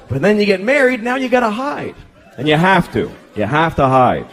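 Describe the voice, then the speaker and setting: Thirties male stand-up, lively swooping delivery, crude and self-mocking, live club mic with loud crowd. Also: high-pitched, measured pace, slight background noise. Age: 30s. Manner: profane, self-deprecating, acts out voices. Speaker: stand-up comedian. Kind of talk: stand-up comedy. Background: audience laughter.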